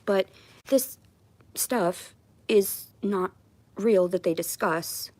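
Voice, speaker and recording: A woman's voice: medium pitch, very slow, darkish tone, dry recording. A woman chatting on a casual livestream at home, rambling and self-deprecating. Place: at home on camera.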